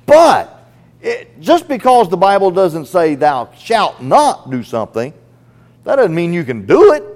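A man's voice: high voice, wildly swooping pitch, a little slow, darkish tone. A man preaching a sermon, earnest and emphatic, speaking straight to the listener as a friend.

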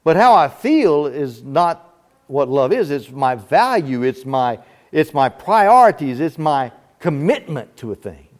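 A man's voice: on the high side, sing-song, a little slow. A man preaching a sermon, asking rhetorical questions with emphatic delivery.

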